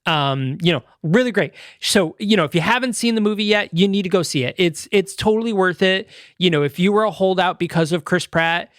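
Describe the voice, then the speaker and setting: A man's voice: high voice, fairly quick, few pauses, a bit bright, no echo, studio quality. A man co-hosting a podcast in casual chat, rambling with fillers and restarts. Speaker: podcast co-host.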